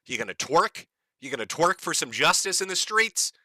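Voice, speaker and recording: A man's voice: a little high, very animated, moderate pace, pushed and bright, no echo. A man giving profane, mocking video commentary in a sneering, sarcastic rant.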